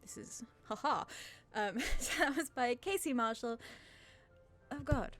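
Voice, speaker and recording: A woman's voice: on the high side, measured pace, a bit bright. Host, woman, 30s, Australian-born with an English-sounding lilt, nervous and self-deprecating, faint music under her voice. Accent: English-sounding, from a British father. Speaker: channel host. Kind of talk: nervous Q&A chat to camera.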